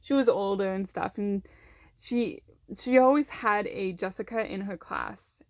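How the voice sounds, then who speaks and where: Speaking at medium pitch and a slightly slow pace, a young woman tells a personal story conversationally, filling it with fillers and performing the quoted voices of others. The sound is dry and clean, like a studio.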